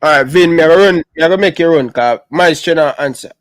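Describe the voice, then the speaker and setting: Jamaican guy hosting a call-in sports show, kinda high voice, dry close mic, patois, says brother a lot. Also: fairly quick, no echo. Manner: animated, speaks Jamaican patois, calls people brother. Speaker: show host. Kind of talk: live call-in sports talk.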